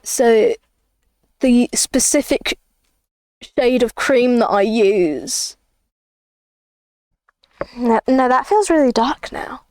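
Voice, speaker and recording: Woman streamer, playful rambler, high-pitched, dry close recording. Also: expressive, extremely slow, pauses often, a little mellow, no echo. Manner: rambling, playful, jokey asides. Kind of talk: casual livestream chat while drawing.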